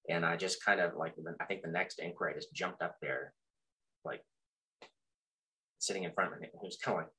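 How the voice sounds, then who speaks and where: A middle-aged man telling a personal story in a halting, reflective way, full of fillers and restarts, with soft self-deprecating chuckles. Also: low-pitched, steady tone, rough recording. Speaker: practitioner sharing his story.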